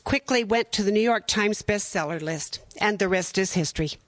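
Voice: medium pitch, moderate pace, fairly bright tone, dry recording. A bookstore host reading a formal prepared introduction of an author. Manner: formal, scripted.

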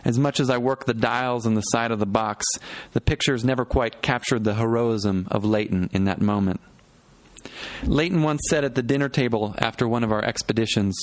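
A man narrating a literary novel in the first person, measured and reflective, pausing between short phrases. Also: medium pitch, fairly even intonation. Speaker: audiobook narrator.

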